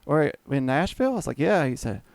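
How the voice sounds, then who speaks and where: A man's voice: a little high, big pitch swings, fast talker, vocal fry, darkish tone, no room sound. A man casually telling a long story on a podcast, swearing freely and acting out what others said. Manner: rambling, profane, acts out quoted dialogue. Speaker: guest storyteller.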